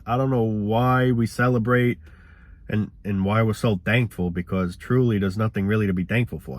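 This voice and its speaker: A man ranting cynically in a rambling, profane casual monologue. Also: mid-range voice.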